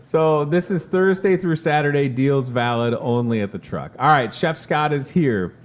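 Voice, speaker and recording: An upbeat man hosts an in-store promo segment from a supermarket, his pitch sitting in an ordinary middle range. He talks in a chatty, salesy way, pushing deals and bantering with the crew. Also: animated, moderate pace.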